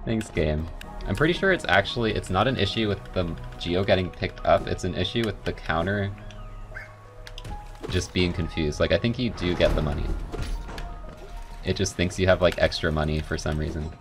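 A man commenting casually on his own speedrun as he plays, chatty and full of "like" fillers, with loud bursts of excitement. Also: sits low, normal speed, faint music behind. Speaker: speedrunner streaming a game run. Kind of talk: casual live gameplay commentary.

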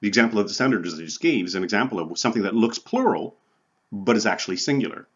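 A male college instructor with a husky, fairly low voice, giving a recorded lecture. His pitch swings widely as he explains, and he keeps checking in with "right?" and "okay?" The audio is dull and muffled. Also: animated, fast talker, fairly bright tone. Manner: conversational, repeats "right?" and "okay?" often, chuckles. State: sweating from the heat. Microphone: recording for online viewers.

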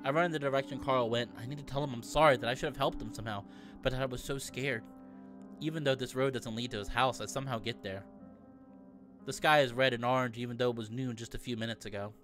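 A man's voice: medium pitch, steady tone, fast talker, music in the background. A man reading a visual novel aloud in first person as a let's play narrator, playful and given to joking asides. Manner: playful, breaks off to joke with viewers.

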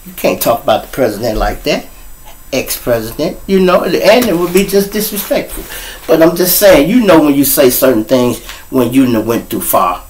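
A man runs his own live show, telling stories straight to his audience. His voice sits a little high for a man, and he swings from low mutters to sudden loud outbursts. He cusses freely all the way through. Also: big pitch swings, normal speed, slight background noise, low-quality recording. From Chicago. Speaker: show host and storyteller. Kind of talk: casual monologue to a live audience. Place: home room.

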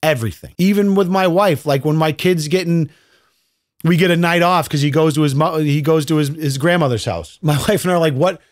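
Podcast host, man, 30s, casual profane monologue, slightly high pitch, dry room. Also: brisk, dry recording. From United States. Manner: blunt, profane, conversational.

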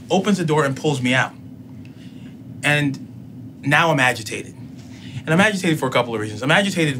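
A man telling a personal story in casual talk, acting out both sides of the dialogue with lively emotion. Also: mid-range voice, a little hiss or hum. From United States. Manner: animated retelling, acts out both sides of dialogue. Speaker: podcast guest.

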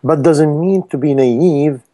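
A man's voice: fairly high pitch, slow, dark tone. A man preaching a sermon in non-native English, emphatic and full of rhetorical questions to his listeners.

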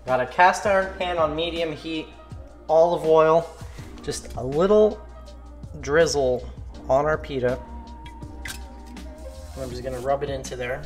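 A man from Slovakia hosting a cooking channel, talking viewers through a recipe step by step in a relaxed, casual way in a home kitchen. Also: fairly high pitch, a little slow, long pauses. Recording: echoey kitchen with music bed. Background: background music, clinking dishes.

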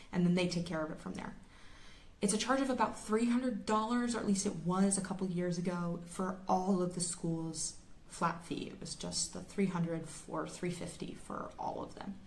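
Chatty woman explaining her path. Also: lowish voice. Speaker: medical student vlogger. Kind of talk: casual explainer vlog.

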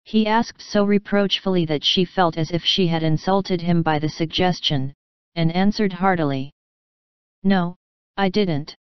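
Calm woman reading a bedtime story. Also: on the low side, moderate pace, clear, resonant tone, no room sound. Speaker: audiobook narrator. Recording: dry, slightly dull sound.

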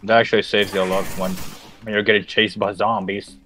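A man playing a game with friends, excitable and eager, calling out plays and asking for attention. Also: fairly low pitch, a little fast. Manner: excitable, shouts game callouts. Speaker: co-player. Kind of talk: casual gaming chat.

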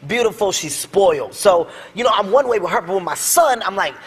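High-pitched, animated comedian man. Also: fairly quick, slightly rough. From Philadelphia. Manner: animated, loud, laughing storytelling with shouted punchlines. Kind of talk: stand-up and talk show storytelling. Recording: live audience and loud noise behind.

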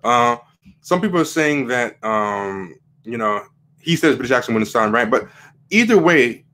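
A man's voice: medium pitch, sing-song, a little slow, fairly bright tone. A man hosting a livestream, giving casual opinion commentary in a rambling way, with frequent fillers and emphatic rising questions. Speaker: livestream host.

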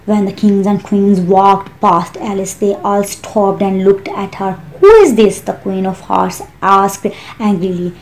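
A woman narrating a storybook audiobook in a slow, careful reading style. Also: medium pitch, level tone, low-quality recording.

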